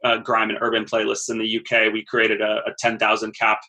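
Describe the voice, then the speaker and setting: A man in his thirties, appearing as a podcast guest, tells his story in an easygoing, conversational interview style. His voice is bright and forward, but his pitch stays almost level and his delivery is completely flat and brisk. He often doubles up words while thinking.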